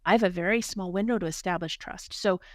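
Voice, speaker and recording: A woman with a somewhat low voice talks quickly and earnestly as a guest on a podcast. She often restarts and repeats words as she goes. The sound is dry and close, with almost no room echo. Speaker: hospital physician executive, guest. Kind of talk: podcast interview conversation.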